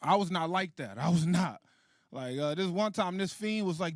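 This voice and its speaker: A man in his late thirties doing a stand-up comedy set, animated and profane, laughing at his own jokes. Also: high voice, moderate pace, no echo, studio quality. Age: 30s. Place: comedy stage.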